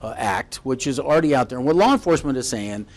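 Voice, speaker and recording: A man's voice: mid-range voice, lively intonation, fast talker. A man hosting a panel discussion, asking casual, probing, rambling questions. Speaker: talk show host.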